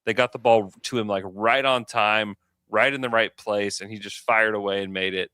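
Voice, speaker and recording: A man co-hosting a podcast in casual sports chat, animated and chatty. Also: fairly low pitch, normal speed, clean tone, no room sound, studio quality. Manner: animated, chatty, lots of fillers. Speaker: podcast co-host.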